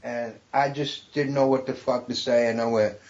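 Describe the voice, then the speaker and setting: A middle-aged man, a stand-up comedian guest, telling a story in a profane, animated way, laughing often. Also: medium pitch, normal speed. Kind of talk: casual storytelling. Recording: dull lo-fi podcast recording.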